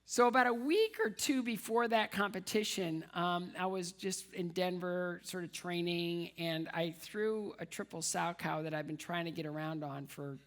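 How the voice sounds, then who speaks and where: Gravelly man telling a self-deprecating story. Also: high-pitched, normal speed, hardly any pauses, a bit bright. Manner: self-deprecating, comic timing, repeats words for effect; acts out quoted voices of others. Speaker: guest speaker at a dinner. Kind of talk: humorous personal storytelling speech.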